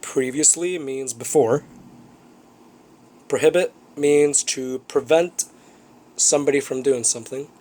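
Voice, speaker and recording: A man's voice: mid-range voice, a little slow, long pauses, dark tone. A male teacher giving a recorded vocabulary review lesson, explaining words plainly and often checking in with students.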